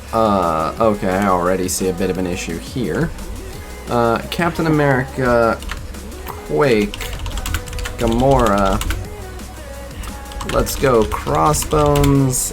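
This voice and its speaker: Rambling, swearing male game streamer. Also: fairly low pitch. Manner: rambling, swears casually, talks to chat. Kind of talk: casual live-stream commentary.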